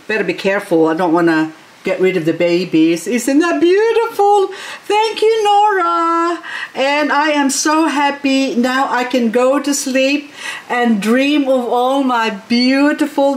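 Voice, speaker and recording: A woman vlogger unboxing plants, gushing and exclaiming often as she repeats her words. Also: medium pitch. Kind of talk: casual unboxing vlog.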